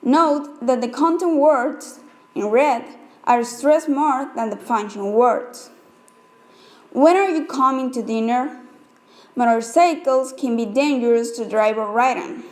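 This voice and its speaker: A woman's voice: sits high, slow. A woman reading out example sentences in a class presentation on English stress and intonation. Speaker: student presenter.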